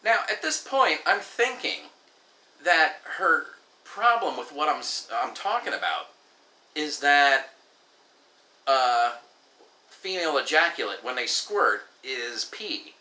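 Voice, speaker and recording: A man's voice: on the high side, sing-song, slow pace, sharp tone. A man vlogging in a casual storytelling monologue, candid and rambling with frequent restarts and asides. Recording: echoey room.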